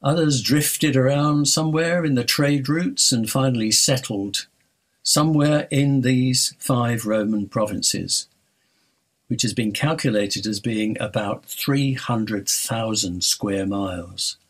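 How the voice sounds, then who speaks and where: Male preacher from North London, husky tone, emphatic storytelling sermon delivery. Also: mid-range voice, slow.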